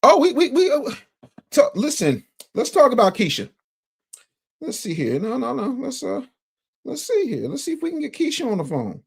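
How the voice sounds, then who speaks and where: A man's voice: extremely high pitch, huge pitch swings, normal speed, vocal fry, breathy edge. An American man hosting a morning news livestream, talking bluntly and sarcastically while reading the chat. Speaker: morning news show host.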